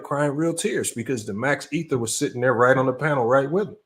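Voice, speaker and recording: A man hosting a sports debate livestream, ranting with loud emphasis and a habit of ending lines with "man." His voice sits at an ordinary middle pitch for a man. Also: brisk, few pauses. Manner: animated, emphatic, repeats "man" often. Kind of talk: casual livestream rant.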